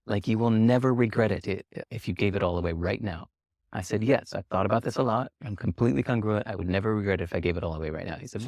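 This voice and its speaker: A man being interviewed, telling a story in casual talk and acting out the dialogue with lively swings in pitch, laughing now and then. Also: fast talker, dry recording, studio quality. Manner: animated, acts out quoted dialogue with lively jumps in pitch. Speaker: interview guest.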